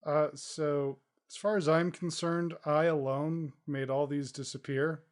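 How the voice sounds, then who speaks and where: A man's voice: fairly high pitch, little pitch movement, a little slow. A man playing a tabletop game, joking in a dry way. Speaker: player.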